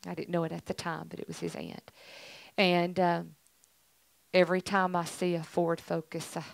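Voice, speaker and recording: A woman's voice: on the low side, flat delivery, moderate pace, vocal fry, no room sound, poor audio. A middle-aged woman giving an earnest, emphatic church testimony, repeating herself for weight. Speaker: church speaker, pastor's family.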